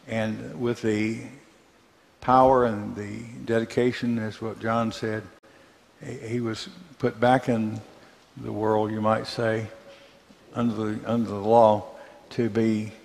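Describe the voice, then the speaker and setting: Leading a church Bible class, a Mississippi man with a Southern accent keeps things conversational, asking questions and lingering on fillers. His lowish voice comes across flat and a little mellow with vocal fry, trailed by a long reverb tail.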